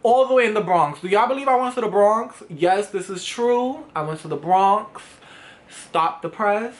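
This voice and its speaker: A man's voice: high voice, expressive, moderate pace. A young man in his twenties telling a dramatic, profane story to camera, acting out the other people in it. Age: 20s. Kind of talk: casual storytime. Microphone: camera vlog setup.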